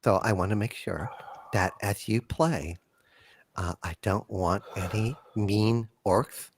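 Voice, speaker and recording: A man voicing a soft-spoken, preachy male game master who lectures the players gently and earnestly. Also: fairly low pitch, slow, slight background noise, voice pushed down. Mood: mock-earnest.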